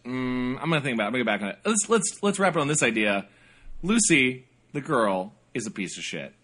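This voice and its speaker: Bright-voiced guy cohosting a podcast, jokey, goofs around with little voices. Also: mid-range voice, very animated, fast talker, slightly rough. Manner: jokey, does silly voices in anecdotes. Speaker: podcast co-host. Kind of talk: casual chat.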